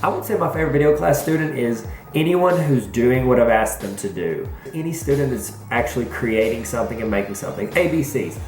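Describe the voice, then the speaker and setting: A Southern-accented man answers viewer questions in a loose, joking, rambling way. His voice is mid-pitched and bounces around a reverberant room. Faint music plays underneath. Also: a little mellow. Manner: playful, self-mocking, rambling. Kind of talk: casual Q&A vlog.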